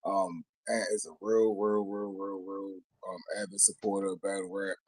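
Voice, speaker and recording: A man hosts in a relaxed, slangy way, with a low voice and a husky edge. His voice sounds dry and close. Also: moderate pace, dry recording. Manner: relaxed, slangy, giving shout-outs. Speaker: interview host. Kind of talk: casual chat.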